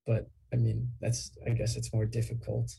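A man's voice: medium pitch, monotone, normal speed, gravelly, warm tone, slightly rough. A young man on a podcast, talking things over in a reflective, rambling way with lots of fillers. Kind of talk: casual podcast chat.

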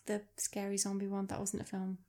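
A woman co-hosting a film podcast, animated and rambling, often poking fun at herself. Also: medium pitch, a little fast. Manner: animated, rambling, self-deprecating. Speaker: podcast co-host. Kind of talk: casual podcast chat.

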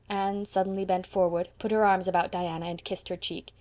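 An audiobook narrator, a woman with a fairly low voice, reads a classic novel aloud. Her scripted narration is measured yet expressive.

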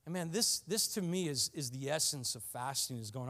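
A man preaching a sermon about fasting, earnest and often building to passionate emphasis, with frequent restarts. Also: medium pitch, expressive, pushed and bright. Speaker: pastor.

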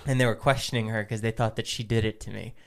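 A young man chatting on a podcast, his voice smooth and clear. He rambles through stories in an easygoing, playful way. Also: lowish voice, steady tone, quick pace. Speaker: podcast co-host. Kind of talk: casual podcast chat.

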